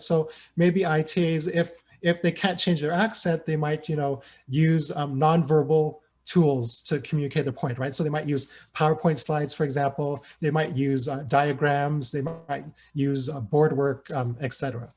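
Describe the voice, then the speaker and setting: A man giving an academic presentation over a video call, conversational, with hesitations and frequent "right?" tags. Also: a little high. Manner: thinks aloud with hesitations. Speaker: guest researcher presenting.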